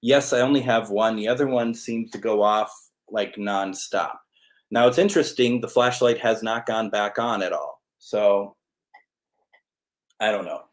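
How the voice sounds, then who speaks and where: A man's voice: on the low side, a little slow. A man hosting a live spirit box session, chatting casually while calling out to spirits and talking to his cat. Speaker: host.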